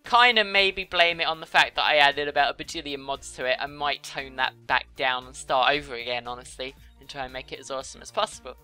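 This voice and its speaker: A woman's voice: a bass voice, fairly quick, hardly any pauses, sharp tone, clean tone, soft background music. A young woman chatting casually while she draws, giggling and teasing herself. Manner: chatty, giggly, self-deprecating. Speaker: YouTuber. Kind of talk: casual commentary while drawing.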